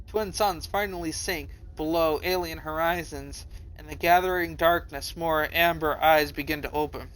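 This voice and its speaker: Bright-voiced animated male streamer. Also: moderate pace. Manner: animated, swearing, breaks into high panicked cries. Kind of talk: reading a story aloud and reacting.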